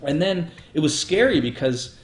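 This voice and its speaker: A man's voice: a little high, big pitch swings, normal speed. Young male co-host, swearing rant, echoey room. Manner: ranting, swearing, mocking software prompts. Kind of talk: casual chat on a livestream. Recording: roomy echo.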